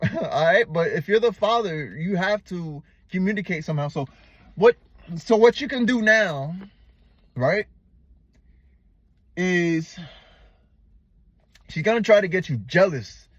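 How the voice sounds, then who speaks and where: A man's voice: high voice, expressive, a little slow, long pauses, dry recording, muffled recording. A man giving blunt, profane, slangy relationship advice to the camera, calling the viewer "man" and "bro". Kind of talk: unscripted advice monologue.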